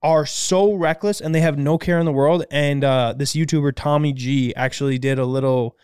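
A man's voice: on the high side, steady tone, normal speed, darkish tone, clean tone, no echo, clean studio sound. A young man, co-hosting a casual chat, telling stories with laughs and casual swearing. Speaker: podcast co-host.

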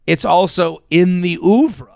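A comedian chatting casually on a podcast, rambling with many fillers and restarts. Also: male voice, high voice, takes it slowly, creaky, darkish tone, dry recording, clean studio sound.

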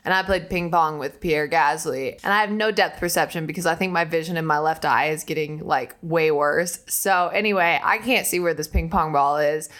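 A woman co-hosting a podcast, telling lively stories in casual chat, laughing often and acting out quotes. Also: deep voice, moderate pace, hardly any pauses. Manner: animated storyteller, laughs often, acts out quotes. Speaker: podcast co-host.

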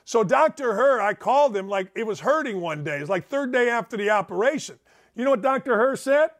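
A man's voice: very high-pitched, lively intonation, brisk. A middle-aged man hosting a sports talk show from home, ranting in an emphatic, sarcastic and digressive way. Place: home studio.

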